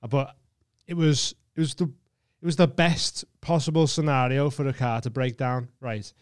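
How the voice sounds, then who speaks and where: An English man co-hosting a podcast tells an animated story in casual chat, swearing plenty and laughing along the way. His voice is medium-pitched and smooth, at a moderate pace. The studio-quality recording has no room sound.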